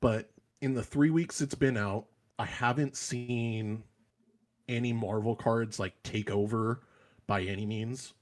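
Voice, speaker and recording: A man chatting casually on a gaming podcast, an animated storyteller who acts out other people's voices. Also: medium pitch, measured pace. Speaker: podcast panelist.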